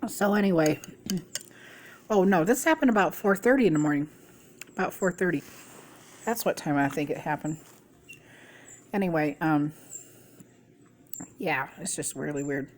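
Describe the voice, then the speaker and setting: A woman's voice: sits low, animated, normal speed, pauses often, a little hiss or hum. A middle-aged woman vlogger telling a rambling, gossipy story in a casual way, swearing freely. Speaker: mukbang vlogger.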